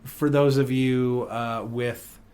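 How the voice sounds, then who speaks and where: A man co-hosting a casual podcast, his voice sitting in an ordinary middle range. He tells stories in a loose, rambling way, full of fillers and quick restarts, and laughs at his own jokes as he goes. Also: mid-range voice, level tone, a little mellow. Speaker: podcast host. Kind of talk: casual chat.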